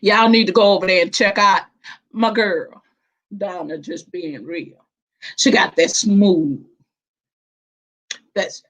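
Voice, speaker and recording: A woman chats on her livestream, greeting viewers as "baby" and "child" with warm, emotional affection. Her voice sits a little high and sounds animated, and she takes her time, drawing out every word. The stream audio is dull and lo-fi.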